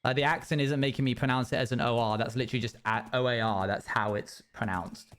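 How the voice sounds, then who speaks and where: A man's voice: mid-range voice, fairly even intonation, fast, a bit bright. A man streaming a game live, chatting with viewers and grumbling in playful mock annoyance.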